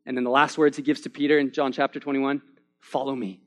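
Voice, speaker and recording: A man's voice: mid-range voice, little pitch movement, fast talker. A young man preaching a sermon, casual and peppered with "man", building to impassioned, emphatic peaks. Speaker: pastor.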